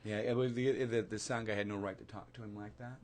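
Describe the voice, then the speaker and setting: A man's voice: fairly low pitch, steady tone, fast. A man co-hosting a casual talk show, speaking earnestly and acting out other people's lines. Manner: earnest and preachy, acts out quotes. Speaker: co-host. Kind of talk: casual chat.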